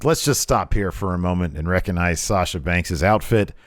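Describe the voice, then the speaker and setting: A man's voice: sits low, moderate pace, no echo, clean studio sound. A young adult man giving chatty, sarcastic commentary over wrestling footage, rambling a little. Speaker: wrestling video host.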